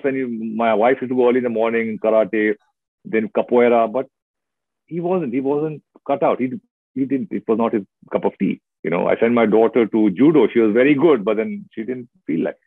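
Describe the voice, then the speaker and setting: A middle-aged man with an Indian English accent, an actor chatting in an interview, telling stories expressively with lively asides. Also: medium pitch, moderate pace, dry recording. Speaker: actor guest. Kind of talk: casual interview chat. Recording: dry, tinny phone-like sound.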